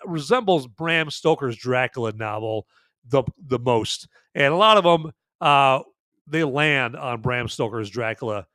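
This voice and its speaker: A man's voice: medium pitch, a bit bright, clear, resonant tone, no echo, studio quality. A man hosting a live podcast, rambling through his movie picks with many fillers and restarts in casual commentary. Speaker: podcast host presenting a vampire movie list.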